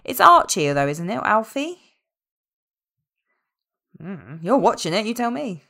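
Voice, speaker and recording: A woman's voice: medium pitch, sing-song, a little slow, sharp tone. A young woman in a casual podcast chat, blunt and opinionated, swearing freely. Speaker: podcast co-host.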